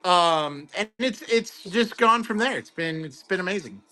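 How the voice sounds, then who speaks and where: Upbeat male stream host, high bright voice, chatty, faint music behind. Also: measured pace. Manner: excitable, chatty, greets viewers by name. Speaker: host of a card-opening livestream. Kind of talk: casual livestream chat.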